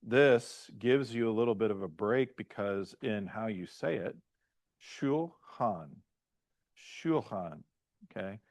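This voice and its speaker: A man who is a pastor, teaching a class in a halting lecture style and often checking in with "right?" and "okay?". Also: lowish voice, darkish tone, no echo. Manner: halting, restarts mid-phrase.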